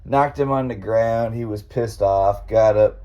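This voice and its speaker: Guy hosting a podcast, kinda low warm voice, just rambling thru a story off the cuff. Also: unhurried, dull audio. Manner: rambling, laughs through the story. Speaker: podcast host. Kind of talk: impromptu storytelling monologue.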